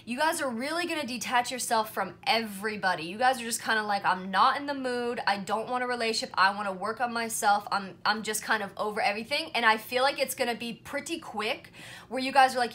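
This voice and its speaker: A woman's voice: a little high, a little fast, pushed and bright. A woman doing a casual pick-a-card tarot reading to camera, chatty and reassuring, often checking in with "right?" and "you know". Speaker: tarot reader.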